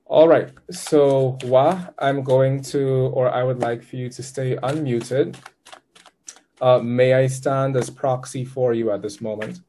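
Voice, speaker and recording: A man reads tarot for a client over a live session. His voice is warm and mellow at a middle pitch. He sounds chatty and upbeat, guiding her patiently step by step. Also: steady tone, takes it slowly, slight background noise. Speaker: tarot reader.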